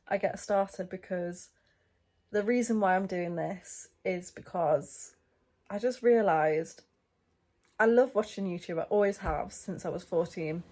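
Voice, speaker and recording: A woman's voice: mid-range voice, a little mellow. A young woman vlogging from bed, chatting casually and a bit rambling, her voice still stuffy from a head cold. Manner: chatty and rambling, many fillers. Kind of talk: casual chat to camera. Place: in bed, indoors.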